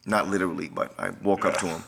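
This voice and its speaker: A man's voice: low-pitched, flat delivery, fast, creaky, a bit bright, a little hiss or hum. A middle-aged man, a personal trainer guest, telling a personal story in a casual interview and acting out the dialogue vividly.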